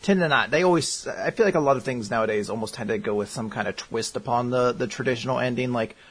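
A man's voice: mid-range voice, fast talker, husky. A man co-hosting a podcast, chatting casually and joking around, reading out listener answers. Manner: animated, jokey, puts on silly voices when quoting. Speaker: podcast co-host. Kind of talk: casual chat.

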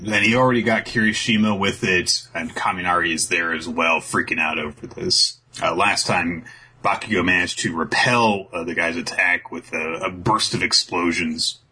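Deep-voiced man recapping with many fillers. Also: bright, forceful tone, breathy edge, poor audio. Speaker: podcast co-host recapping a manga chapter. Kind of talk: casual chat, recap.

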